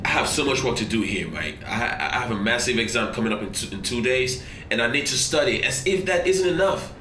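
An actor playing a sick, stressed young student who talks bluntly and sounds exasperated. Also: male voice, mid-range voice, lively intonation, fairly quick, bright, forceful tone, a little hiss or hum. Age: young adult. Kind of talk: short film acting. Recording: roomy, distant mic, faint ambience.

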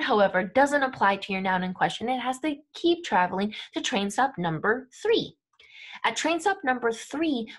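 Methodical woman teaching grammar. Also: fairly high pitch. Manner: clear and methodical, checks in with "right?" and "okay?". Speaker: language teacher. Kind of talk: explaining German grammar step by step.

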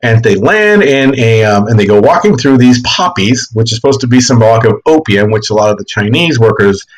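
A man teaching history in a casual, animated classroom lecture, explaining with quick asides and voiced bits. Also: medium pitch, low-quality recording.

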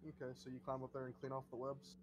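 A man narrating a tabletop game as game master in a measured, descriptive way. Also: medium pitch, monotone, a little hiss or hum.

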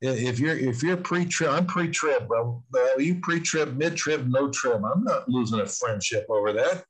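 An older man in his sixties speaks as an interview guest in an ordinary middle-pitched voice. He talks earnestly and conversationally, circling back and restarting his sentences as he goes. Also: normal speed, slightly rough, rough recording. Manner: earnest, rambling with frequent restarts.

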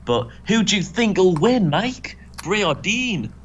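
A man co-hosting a casual gaming commentary, animated, sarcastic and sweary. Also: high-pitched, unhurried, lo-fi sound, slight background noise. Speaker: co-host.

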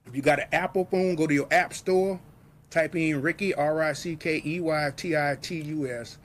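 A man hosting his own show, pushing a TV subscription in a hyped, repetitive live sales pitch. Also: steady tone, normal speed, fairly bright tone. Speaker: host pitching a TV service.

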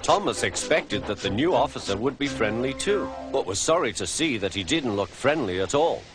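A man's voice: medium pitch, sing-song, moderate pace. Man reading a storybook, music behind. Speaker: narrator. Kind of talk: storybook narration.

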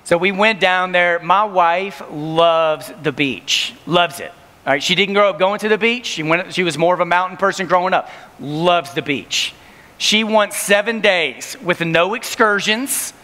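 A man in his thirties giving an energetic youth camp sermon, telling stories and acting out voices. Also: sits high, measured pace. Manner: storytelling, acts out voices, laughing. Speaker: camp speaker. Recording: reverberant hall.

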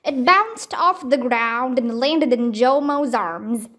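High-voiced lady reading a kids book aloud, slow and careful. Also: animated, bright, forceful tone. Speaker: storybook reader. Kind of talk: children's book read-aloud.

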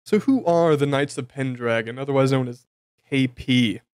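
A man's voice: medium pitch, normal speed, a little mellow, clear, resonant tone, dry recording, clean studio sound. A man giving a casual, jokey recap of a tabletop game campaign, rambling with lots of fillers and self-corrections.

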